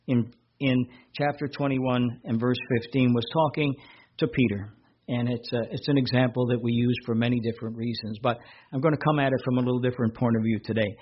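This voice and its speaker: A man delivers a sermon from the pulpit in a slightly husky voice at a middling pitch. He lifts his voice when he reads scripture aloud. The recording sounds a little dull and lo-fi. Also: steady tone, normal speed. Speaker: pastor.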